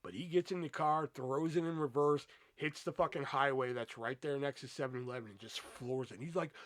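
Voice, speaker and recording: A man's voice: mid-range voice, fairly quick, no echo. A young man hosting a podcast, telling a rambling story with a lot of swearing. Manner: profane, rambling, animated storytelling. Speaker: podcast host. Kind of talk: casual storytelling monologue.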